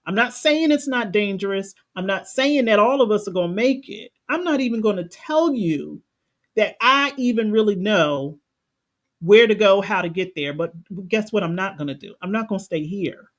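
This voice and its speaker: A woman's voice: medium pitch, animated, normal speed. Emphatic woman coach speaking passionately. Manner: emphatic, repeats phrases for emphasis; passionate, preacher-like cadence. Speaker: life coach. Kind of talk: motivational live stream talk.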